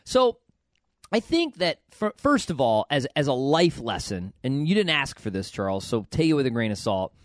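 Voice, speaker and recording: Animated man giving podcast advice. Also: medium pitch, moderate pace, no room sound, studio quality. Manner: animated, emphatic, repeats words. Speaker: podcast host, financial advisor. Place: US, Kentucky.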